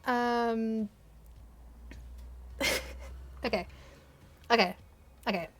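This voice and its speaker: A woman's voice: on the high side, fairly even intonation, extremely slow, fairly bright tone. A young woman hosting her channel, reading her old story aloud with laughing, swearing, embarrassed asides, recorded on camera. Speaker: channel host.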